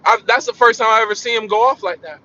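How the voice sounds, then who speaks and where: A man casually telling a personal story in an animated way, repeating phrases for emphasis. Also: sits high, fast talker. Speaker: vlogger. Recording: dull lo-fi sound.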